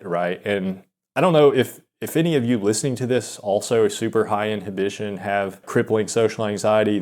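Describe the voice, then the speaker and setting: A young man telling an awkward personal story in a rambling, halting, self-deprecating way, full of restarts and fillers. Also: on the low side, darkish tone. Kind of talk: confessional storytelling monologue.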